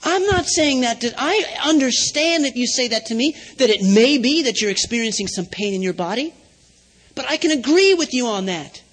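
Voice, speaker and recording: A man's voice: very high-pitched, lively intonation, normal speed, a bit bright. A man preaching a sermon, teaching step by step and checking in with his listeners with questions. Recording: hall reverb.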